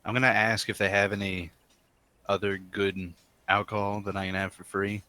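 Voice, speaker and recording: A man's voice: on the low side, level tone, normal speed, pushed and bright, dry recording. A man playing a tabletop game, laid-back and joking. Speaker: player. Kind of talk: casual tabletop game play.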